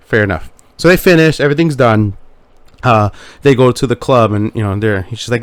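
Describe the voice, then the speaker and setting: A man's voice: mid-range voice, fairly quick, clear, resonant tone, no echo. A man co-hosting a podcast, chatting casually, swearing freely and telling a joke with laughs along the way. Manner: loose, swears often, tells jokes with laughter. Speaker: podcast co-host. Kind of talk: casual chat.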